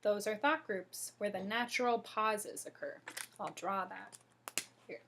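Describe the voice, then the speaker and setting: A woman teaching a pronunciation lesson to a class, speaking deliberately and demonstrating rises and falls in her voice. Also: medium pitch, fairly bright tone, slight background noise. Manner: slow, deliberate, demonstrating intonation.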